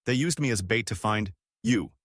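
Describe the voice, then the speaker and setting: A man voicing a frightened, hunted Frenchman with a French accent who pleads in a breathy, urgent whisper. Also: lowish voice, lively intonation, normal speed, fairly bright tone, dry recording, clean studio sound.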